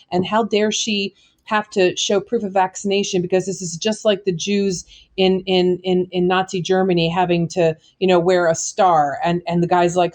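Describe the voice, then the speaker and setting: A woman co-hosting a radio talk show, telling stories in an exasperated, animated way and mimicking the people she describes. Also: medium pitch. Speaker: co-host. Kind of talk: casual political chat.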